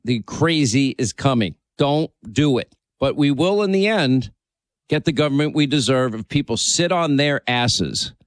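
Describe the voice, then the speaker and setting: A man hosting talk radio into a dry, close studio microphone. His pitch sits in the middle range. He presses his points with urgency and repeats phrases to drive them home. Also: no echo. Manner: emphatic, urgent, repeats for emphasis. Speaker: radio talk show host.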